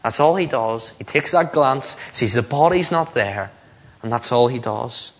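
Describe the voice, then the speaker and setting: A man's voice: mid-range voice, expressive, measured pace. A man preaching a sermon, telling stories and acting out the lines he quotes. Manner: storytelling preacher, acts out quotes. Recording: long hall reverb.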